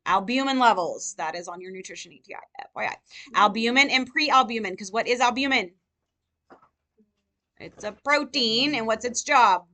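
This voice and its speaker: A woman nursing tutor lecturing a live class, firing rapid questions at her students. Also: on the high side, sharp tone.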